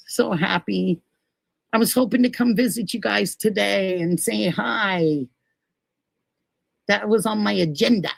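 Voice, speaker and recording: Slow gravelly woman chatting on stream. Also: mid-range voice, dry recording, low-quality recording. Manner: gushing, emotional, thanks viewers by name. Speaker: livestream host. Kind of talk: casual livestream chat reading viewer comments.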